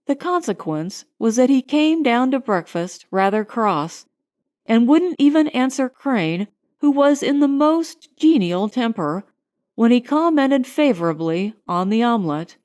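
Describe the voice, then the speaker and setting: A woman narrating a light romantic comedy audiobook in an expressive, unhurried storytelling manner. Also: fairly high pitch.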